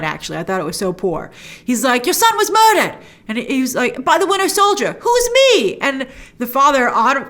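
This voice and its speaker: A woman hosting a casual spoken review of a TV episode, acting out characters' lines and adding frequent asides. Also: fairly high pitch. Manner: animated, acts out characters' lines in quick voices.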